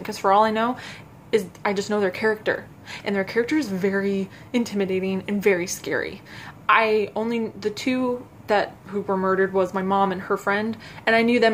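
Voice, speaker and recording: Young woman vlogger, casual storytelling, stammering and self-conscious, mid pitch, faint room hiss. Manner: halting and self-conscious, frequent restarts and stutters. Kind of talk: casual personal storytelling to camera.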